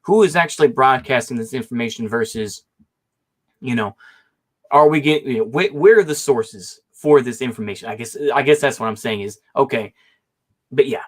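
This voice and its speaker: A man's voice: mid-range voice, animated, normal speed. A man debating as a guest in an online political debate, talking in a rambling, hesitant way and hedging often.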